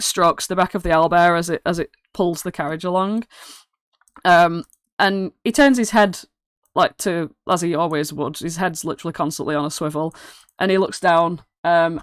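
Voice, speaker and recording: A woman's voice: on the low side, smooth, dry recording. A young British woman narrating as game master, rambling, with lots of "like" and "um". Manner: rambling, full of "like" and "um". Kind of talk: casual tabletop narration.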